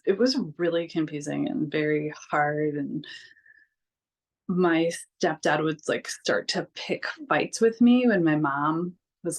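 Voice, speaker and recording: A young adult woman telling her own story in a vlog, candid and casual, with many fillers and frank swearing. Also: deep voice. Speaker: vlogger.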